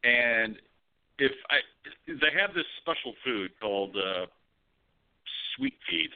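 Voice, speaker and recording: A man co-hosting a podcast, telling stories in a loose, profane, animated way. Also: mid-range voice, slow, vocal fry, smooth. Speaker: podcast co-host. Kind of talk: casual chat. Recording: tinny phone-like audio.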